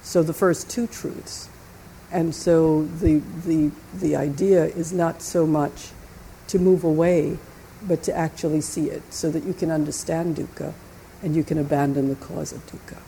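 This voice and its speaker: Low, gravelly meditation teacher. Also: female voice, fairly even intonation, measured pace, dark tone, a little hiss or hum, rough recording. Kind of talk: dharma talk and inquiry.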